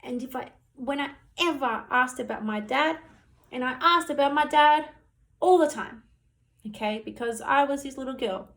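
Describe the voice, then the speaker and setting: A woman in her thirties tells her own story straight to the camera. Her voice sits a little high, and she talks in an earnest, heated way, leaning on "you know" and "like" as she goes. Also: moderate pace, fairly bright tone. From Australia. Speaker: storyteller recounting her childhood. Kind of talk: personal testimony monologue.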